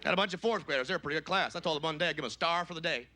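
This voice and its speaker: A man doing a brash stand-up comedy set on a club stage, shouting high-pitched voices for his punchlines. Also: very fast. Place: comedy club stage before a live audience.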